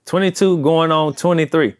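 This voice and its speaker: A man's voice: a little high, fairly even intonation, moderate pace, clean tone, dry recording. A man in his forties with a St. Louis accent, talking casually as an interview guest and repeating phrases for emphasis. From St. Louis, USA.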